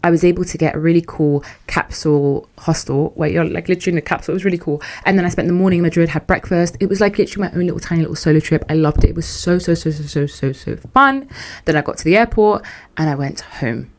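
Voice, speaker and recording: A young woman hosting a podcast, telling a story in a casual, animated and sarcastic way, full of slang. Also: on the low side, very fast. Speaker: podcast host.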